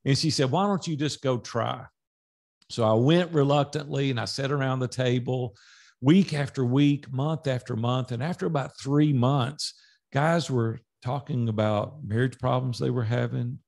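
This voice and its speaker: Man, middle-aged, gravelly voice, podcast guest, lively storyteller, voices the people in his story. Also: mid-range voice. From Nashville, Tennessee. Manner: animated storyteller acting out dialogue. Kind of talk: storytelling in a casual interview.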